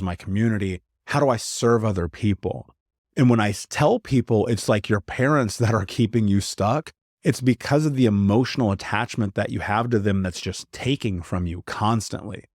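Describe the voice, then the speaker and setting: A man's voice: fairly low pitch, darkish tone, no echo, studio quality. A man in his thirties, a podcast guest, telling a hard personal story in an earnest, emphatic way, often saying "like". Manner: earnest, emphatic, frequent "like" fillers.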